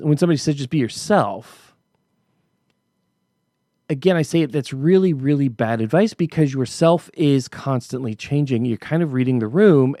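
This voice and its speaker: A middle-aged man talks through a personal story in a relaxed, reflective way, often restarting his sentences. His voice has a gravelly, creaky edge. The recording is close and dry, with no room sound. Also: mid-range voice, no room sound. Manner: conversational storytelling with frequent restarts. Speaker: podcast host. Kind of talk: casual reflective monologue.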